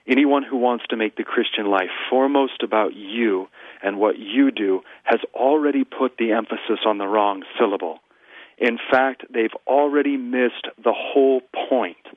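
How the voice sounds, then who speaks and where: Low-voiced guy preaching over a tinny phone line, slow and earnest, quoting scripture. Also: dry recording. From United States. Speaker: guest pastor. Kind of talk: radio sermon-style teaching.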